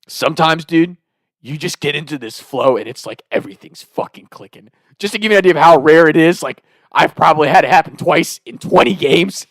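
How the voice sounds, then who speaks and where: A man's voice: a little high, dry recording. A young man telling a wild story in casual chat, swearing often and laughing as he goes. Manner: animated, profane, laughing.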